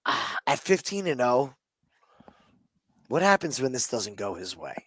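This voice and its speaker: A man in a relaxed sports-betting chat, talking through fights in an easy, chatty way. His voice is a plain middle pitch, recorded dry and close with no room sound. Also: unhurried, no echo. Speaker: betting podcast co-host.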